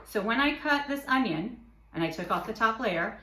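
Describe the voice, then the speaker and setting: A woman's voice: fairly high pitch, animated, moderate pace, fairly bright tone, echoey room, slight background noise. A woman teaching a cooking lesson in a kitchen, explaining each step patiently and slipping in playful asides. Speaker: cooking instructor. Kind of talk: kitchen demonstration.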